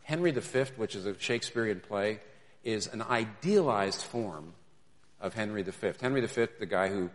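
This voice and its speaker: A man's voice: fairly low pitch, moderate pace, long reverb tail. A male pastor preaching a sermon in a conversational manner, building to emphatic peaks, then closing in prayer.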